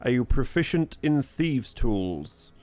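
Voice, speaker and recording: A man's voice: mid-range voice, big pitch swings, takes it slowly, warm tone. A man with a Northern English accent narrating as dungeon master, explaining rules patiently and teasing his players. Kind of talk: narrating a tabletop game.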